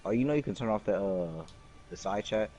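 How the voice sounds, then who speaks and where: A young man talks in a loose, rambling way over voice chat while he games, swearing freely. His voice sits low, and a clear hiss of noise runs under the line. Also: brisk, dark tone. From Latino. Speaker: gaming stream co-host.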